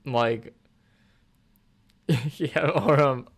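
A young man chatting casually on a podcast. His voice is medium-pitched and relaxed, and he drops crude jokes as he talks. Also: drawn-out words. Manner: laid-back, joking, crude asides. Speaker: podcast co-host. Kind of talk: casual chat.

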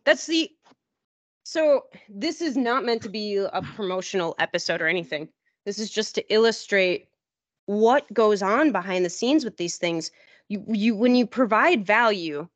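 A woman on a podcast telling a long story in casual chat, rambling and acting out what people said in a higher voice. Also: moderate pace, fairly bright tone, no room sound. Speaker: podcast host. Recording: dull, dry lo-fi audio.

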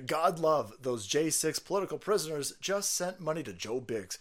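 A man's voice: a little high, animated, normal speed, few pauses. Profane laughing man on a livestream. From South Carolina. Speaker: livestream host reading viewer messages. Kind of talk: casual livestream chat.

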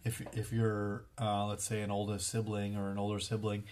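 A man with a cold, hoarse and sounding like a smoker, co-hosting a parenting chat with hesitant fillers. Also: lowish voice, monotone, moderate pace, a little mellow. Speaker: parenting co-host. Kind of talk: casual chat.

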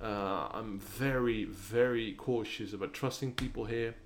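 A man's voice: on the low side, steady tone, unhurried, a little hiss or hum. A young man with a British-leaning accent, hosting a solo podcast and rambling with many restarts and fillers. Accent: British-leaning English, non-native. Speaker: podcast host.

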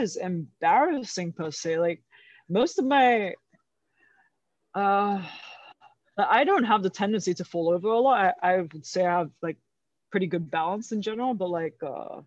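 A woman's voice: medium pitch, a little mellow, no room sound, muffled recording. A woman guest in a casual interview, rambling with lots of fillers and frequent laughter. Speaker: guest, jiu-jitsu athlete.

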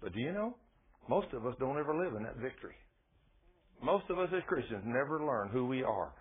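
A man's voice: mid-range voice, very animated, brisk, slightly rough. A man preaching a sermon in a folksy storytelling way, acting out the dialogue in his stories. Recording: tinny phone-like radio broadcast.

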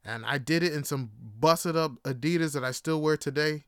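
A man's voice: on the high side, moderate pace, a bit bright, clean tone, no room sound, clean studio sound. A man from Jamaica telling a personal story in a casual, profane way, laughing and restarting as he goes. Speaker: podcast host.

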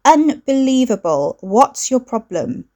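A woman's voice: fairly high pitch, sing-song, takes it slowly, a little mellow, pitched above the performer's own voice, full character voice. A woman voicing a bubbly, pushy young woman with an artificially cultured voice and a slight Essex twang. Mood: shrill insistent.

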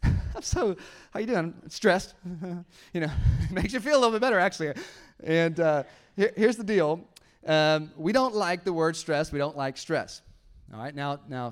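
Using a handheld microphone in a church auditorium, a pastor in his thirties preaches in a smooth, mid-range voice. He keeps things conversational and trades jokes with his congregation.

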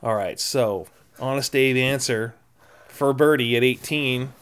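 A man hosting a podcast, commentating casually over a golf broadcast, excitable and repeating his exclamations. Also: mid-range voice, unhurried, clean tone. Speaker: podcast host.

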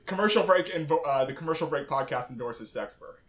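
20-something guy on a podcast, rambly, voice jumps all over, kinda high. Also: animated, a little fast, a bit bright. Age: 20s. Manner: rambling storyteller, lots of fillers and laughs. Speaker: podcast co-host. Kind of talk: casual chat.

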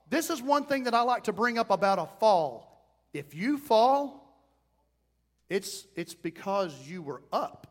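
A middle-aged pastor preaches with folksy emphasis, swinging from loud calls down to low asides. His voice sits high for a man. The church sanctuary gives it a long, trailing reverb. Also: very animated, normal speed. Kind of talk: sermon.

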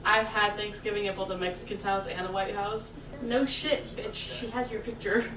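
There's background noise as a young woman co-hosting a podcast gives an offhand, profanity-laced, sneering reaction to a movie. Her mid-range voice keeps fairly even intonation at a normal speed.

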